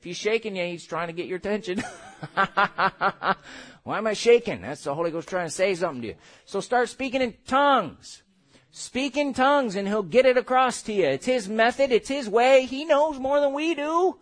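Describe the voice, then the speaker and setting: High-voiced animated male preacher. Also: fairly quick. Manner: animated, acts out quotes, laughs. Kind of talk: sermon.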